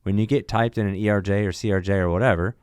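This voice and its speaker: A man's voice: fairly low pitch, racing, clean tone, no room sound, studio quality. A man who flies for an airline, chatting in a podcast and telling emphatic stories about flying. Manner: animated storyteller, emphatic. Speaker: airline pilot guest. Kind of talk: casual podcast chat.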